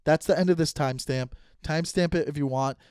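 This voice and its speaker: Fired-up man ranting, high voice. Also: fairly quick, clear, resonant tone, dry recording, clean studio sound. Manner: profane, heated ranting, swings loud to muttered. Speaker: comedian podcast host. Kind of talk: solo podcast rant. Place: Los Angeles.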